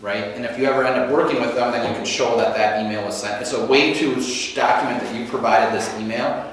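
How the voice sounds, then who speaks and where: A man's voice: medium pitch, fairly even intonation, fast, a bit bright, a little hiss or hum. A man running a real estate training session, walking through forms step by step in a practical, conversational way. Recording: echoey room from far off.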